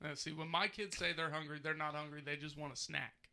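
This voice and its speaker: A man's voice: a little high, little pitch movement, brisk, creaky, bright, forceful tone. A man in his thirties co-hosting a podcast, ranting animatedly with lots of swearing in casual chat. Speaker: podcast co-host.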